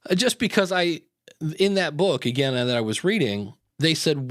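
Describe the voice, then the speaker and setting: A man's voice: on the high side, expressive, normal speed, a bit bright, no echo, clean studio sound. A man hosting a live podcast, talking in a rambling, jokey, upbeat way. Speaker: podcast host. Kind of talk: casual live chat.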